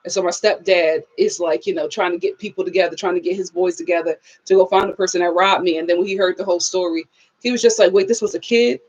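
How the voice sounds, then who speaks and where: A woman's voice: on the low side, fast, muffled recording. A woman hosting a casual live stream, telling stories with animation, acting out quotes and reading viewer comments. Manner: animated storyteller who acts out quotes and laughs often.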